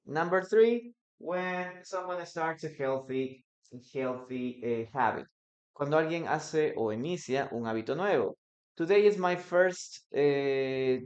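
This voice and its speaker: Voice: medium pitch, darkish tone. An English teacher from Peru, giving a casual bilingual lesson and acting out short example dialogues, often tagging explanations with "no?". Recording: slightly dull lo-fi recording.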